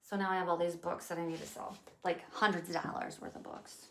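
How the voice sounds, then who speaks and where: A woman in her fifties chatting casually as she plans her day out loud, rambling and swearing now and then. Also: fairly low pitch, level tone, brisk, echoey room, slight background noise. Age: 50s. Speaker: vlogger. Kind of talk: casual day-planning chat.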